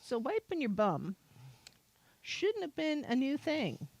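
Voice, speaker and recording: A woman's voice: high-pitched, wildly swooping pitch, slow, a little mellow, dry recording, poor audio. Woman, podcast host, from North Idaho, rambling, exasperated, casual chat. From North Idaho, United States. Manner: rambling, exasperated, with many fillers.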